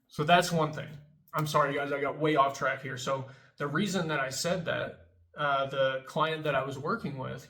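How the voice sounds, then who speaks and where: A man's voice: mid-range voice, gravelly, bright, forceful tone, roomy sound, rough recording. A man in recovery talking casually to viewers about anger, often checking in with "right?" and swearing now and then. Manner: conversational, frequent "right?" tags, swears casually. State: in recovery from addiction. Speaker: recovery video host. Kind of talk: casual talking-to-camera reflection.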